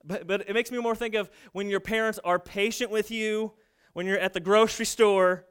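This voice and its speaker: A man's voice: high-pitched, fairly even intonation, normal speed, a bit bright, clean tone. A man in his thirties preaching a sermon, telling family stories and acting out the voices of his kids and parents. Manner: storytelling, acts out quoted family voices. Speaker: pastor.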